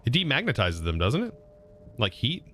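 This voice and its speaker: A man's voice: mid-range voice, huge pitch swings, normal speed, fairly bright tone. A man with a Southern US accent chatting casually on a live game stream, reading chat aloud and laughing often.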